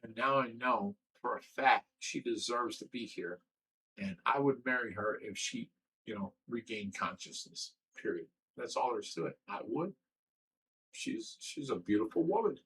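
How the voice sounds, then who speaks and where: Man hosting a livestream, bright tense voice, rambling emotional talk, swears a lot. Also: mid-range voice, animated, normal speed, a little hiss or hum, rough recording. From Ohio. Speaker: livestream host. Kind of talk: candid livestream chat.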